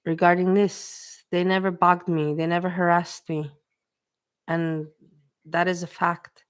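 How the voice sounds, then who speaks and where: A woman's voice: on the low side, flat delivery, unhurried, clean tone. Emotional woman chatting on a livestream. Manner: emotional, repetitive, talks to her chat. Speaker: livestream host. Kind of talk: casual livestream chat.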